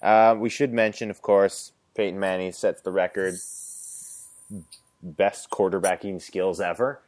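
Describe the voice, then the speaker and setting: A man's voice: low-pitched, level tone, measured pace, a little mellow. A man co-hosting a sports podcast, giving opinionated picks and ranting in a casual chat.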